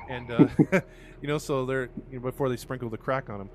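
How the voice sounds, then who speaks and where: A man's voice: mid-range voice, steady tone, moderate pace, a crowd in the background. A man casually retelling a crime case to co-hosts, acting out the quotes with lots of fillers and restarts. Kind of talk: casual storytelling chat.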